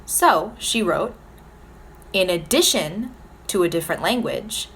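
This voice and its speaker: A woman teaching a speech and language lesson to her students, explaining slowly and clearly with example sentences. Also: fairly low pitch, animated, a bit bright, a little hiss or hum.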